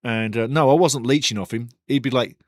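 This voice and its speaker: A man's voice: medium pitch, fairly quick, no room sound, studio quality. A man hosting a live football watch-along stream, chatty and joking, swearing casually and repeating himself. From United Kingdom. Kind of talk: casual live-stream chat and match commentary.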